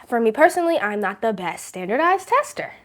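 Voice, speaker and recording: Young woman podcast guest, kinda high voice, chatty and animated. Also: fairly quick. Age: young adult. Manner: animated storytelling with many fillers. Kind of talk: casual chat.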